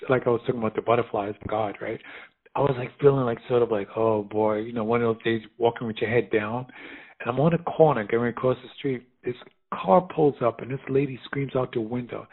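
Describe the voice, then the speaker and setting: A middle-aged man from the United States telling stories in a casual conversation, animated and quick to laugh, acting out the voices of people he quotes. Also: mid-range voice, breathy edge. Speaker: fashion designer guest. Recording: phone-like narrow sound.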